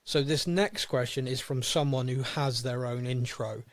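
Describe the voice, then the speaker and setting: A man hosting a podcast in casual chat, eager and quick to laugh at himself. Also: medium pitch, no echo. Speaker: podcast host.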